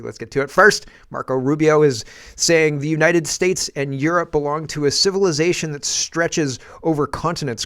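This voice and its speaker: A man from Canada talks through political news with open sarcasm and exasperation. He stumbles and restarts his sentences as he goes. His pitch sits in an ordinary middle range. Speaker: political commentator. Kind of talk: opinionated political commentary.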